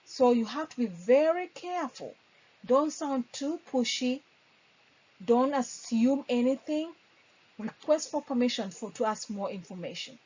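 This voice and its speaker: A woman's voice: a little high, lively intonation, a little slow, darkish tone, husky. Woman teaching customer service, lo-fi. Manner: earnest, acts out sample phone lines. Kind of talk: instructional talk.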